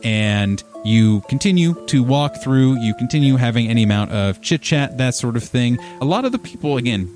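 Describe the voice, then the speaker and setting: A man running a tabletop game as game master, describing scenes in a relaxed, rambling way with frequent fillers. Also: medium pitch, normal speed, hardly any pauses, soft background music.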